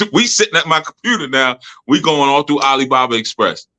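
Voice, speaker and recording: A man's voice: mid-range voice, expressive, fairly quick, sharp tone. A man hosting a spiritual podcast, telling stories in a loose, slangy way and laughing often. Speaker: podcast host and spiritual teacher. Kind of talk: casual storytelling chat.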